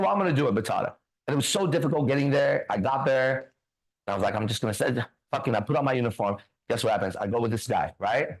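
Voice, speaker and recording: A man hosting a faith talk show, telling a story in a casual, profane, animated way and acting out the other voices. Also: medium pitch, rough recording. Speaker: ministry host.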